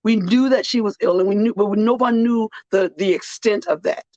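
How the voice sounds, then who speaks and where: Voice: medium pitch, brisk, darkish tone, dry recording. A podcast host, tired and earnest, speaking in a personal heartfelt monologue and repeating phrases for weight. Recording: dull, muffled dry recording.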